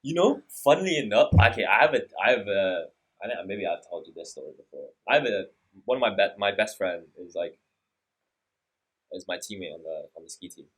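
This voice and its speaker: A man's voice: lowish voice, very animated, brisk, husky, rough recording. A young man, a podcast guest telling a story in casual chat, laughing often and acting out quotes. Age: young adult.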